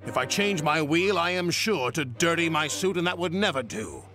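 A man's voice: on the high side, lively intonation, normal speed, pushed and bright, soft background music, voice pushed up. A man voicing a proper, fussy railway director who gets easily exasperated.

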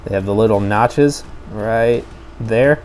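A man casually reviewing toy cars for a video, chatty and enthusiastic, thinking out loud as he goes. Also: lowish voice, slow, a little hiss or hum.

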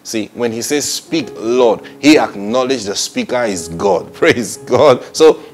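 A man delivers Bible teaching in an animated sermon style. He repeats phrases and drops in short praises between points, with faint music playing quietly underneath. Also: medium pitch, measured pace. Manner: animated and repetitive, often saying "praise God" with short laughs.

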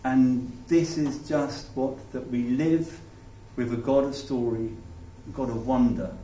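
Male pastor, halting reflective sermon, distant echoey church recording with faint noise. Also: mid-range voice, fairly even intonation, mellow. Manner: reflective, halting, with many restarts. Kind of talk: sermon with closing prayer. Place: church hall.

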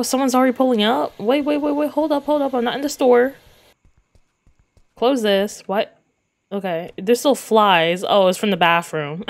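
A woman giving let's play commentary on a game, giggly, often breaking into laughter and exclaiming in disgust. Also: a little high. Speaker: gaming video creator.

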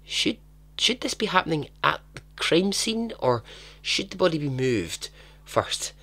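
A man's voice: fairly high pitch, sing-song, a little slow, gravelly, sharp tone, pitched above the performer's own voice, full character voice. A man voicing a male detective who is out of his depth, asking hesitant questions. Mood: doubtful.

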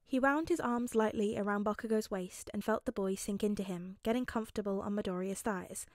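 A woman calmly narrating a fanfic as an audiobook reader. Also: medium pitch, fairly quick, few pauses, dry recording, clean studio sound. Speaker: podfic reader.

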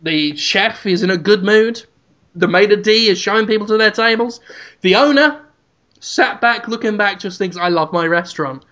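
Brief: high, bright-voiced male podcast host, animated rambling storyteller; dull lo-fi audio. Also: moderate pace.

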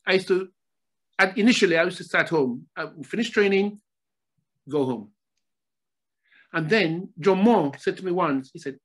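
An older man from Nigeria, a former footballer, telling stories as a podcast guest in a relaxed chat, often repeating his phrases. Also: fairly high pitch, normal speed, long pauses, husky. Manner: repeats phrases, animated storytelling. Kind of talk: casual storytelling interview.

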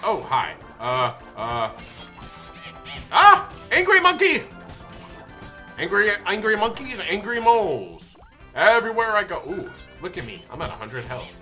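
A young man giving excitable gameplay commentary, yelping and shouting at the game. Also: sits high, a little slow, long pauses, soft background music. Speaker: gaming video host.

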